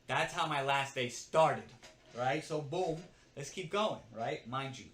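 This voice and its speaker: A man's voice: fairly high pitch, takes it slowly, fairly bright tone, slight background noise. A young man vlogging, casually and animatedly telling a story about a bad job, swearing and often checking in with "right?". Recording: roomy with faint ambience.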